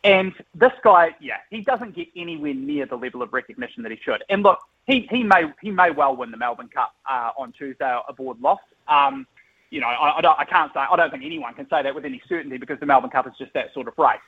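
A man's voice: fairly high pitch, fast, breathy edge. A man, a sports journalist, talking emphatically in casual sports chat. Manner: emphatic, animated, says "mate" and "look". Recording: tinny phone line.

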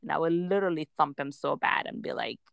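Expressive woman in her forties telling stories. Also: low voice, fast, creaky, no echo, studio quality. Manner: expressive storyteller, acts out quotes, laughs often. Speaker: parent sharing experiences. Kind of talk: casual podcast chat.

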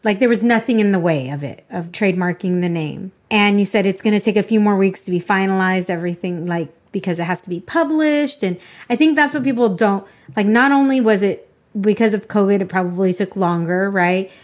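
A woman's voice: mid-range voice, fairly quick. A woman hosting a podcast interview, chatting casually and gushing emotionally about her own wins. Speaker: podcast host.

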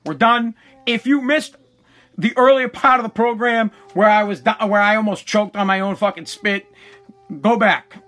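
Guy ranting on his podcast, swears a lot, bright edgy voice, gets worked up. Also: high voice, normal speed. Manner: profane, excitable, exaggerated. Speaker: podcast host. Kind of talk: comedic solo podcast rant.

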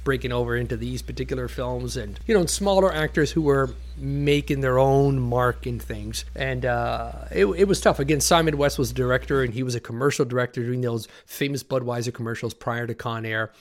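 Brief: male actor as interview guest, mid-pitched voice, loose, rambling, swearing anecdotes. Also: a little fast, few pauses. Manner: rambling, profane, animated anecdotes. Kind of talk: casual storytelling.

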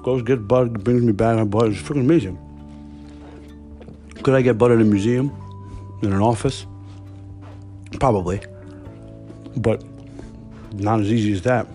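Mellow-voiced man, blunt and profane. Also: fairly low pitch, steady tone, moderate pace, pauses often, soft background music. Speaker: podcast host. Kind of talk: casual storytelling monologue.

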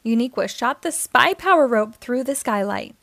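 A woman reading a children's picture book aloud, narrating with expressive storytelling. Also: on the high side, normal speed, dry recording. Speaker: storytime reader.

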